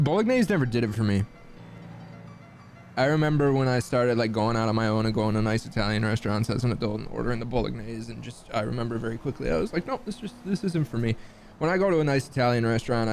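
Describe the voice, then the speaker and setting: A young man from the Midwest US chatting casually with his stream chat, swearing freely and making lively asides. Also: medium pitch, vocal fry.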